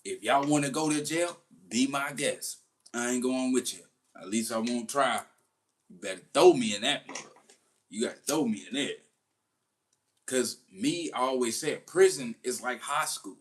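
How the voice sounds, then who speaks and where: Slangy male commentator, casual and animated. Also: medium pitch, moderate pace. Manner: slangy, animated storytelling with laughs. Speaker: commentary host.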